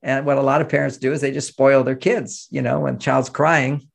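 Man from the US, gravelly tone, middle pitch, animated interview talk. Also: normal speed. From United States. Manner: animated, acts out quoted voices, chuckles. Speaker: relationship author and interview guest. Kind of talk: conversational interview explanation.

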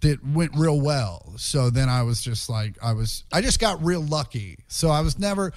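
Male comedian guest, mid voice, dry close mic, swears through animated stories. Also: fairly high pitch, moderate pace, no echo. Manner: profane, animated anecdotes. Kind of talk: casual storytelling interview.

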